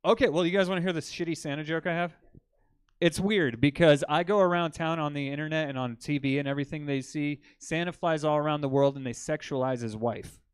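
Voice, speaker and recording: A man doing a stand-up comedy set in a comedy club, telling crude jokes with deadpan delivery and bantering with the crowd. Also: a little high, brisk, smooth, no room sound.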